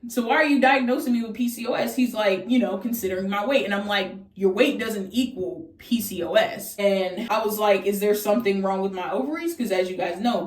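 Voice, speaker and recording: Candid, profane woman in her twenties. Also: far from the mic. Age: 20s. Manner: candid, profane and animated, jumping into high-pitched quoted voices. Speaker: vlogger. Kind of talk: casual storytime. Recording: echoey room, voice off from the mic.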